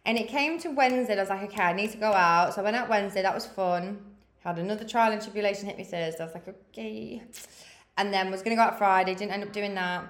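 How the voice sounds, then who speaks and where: A woman's voice: mid-range voice, rapid-fire, echoey room. A woman of thirty giving a frank, motivational pep talk as a podcast host. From England. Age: 30s. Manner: frank, swears freely, big-sister tone. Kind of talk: candid motivational chat.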